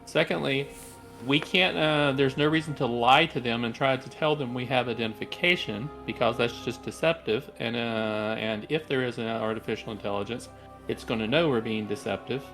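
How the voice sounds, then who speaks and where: A man's voice: mid-range voice, normal speed, music in the background. Argumentative male tabletop player. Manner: argumentative, reasons point by point. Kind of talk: tabletop game chat.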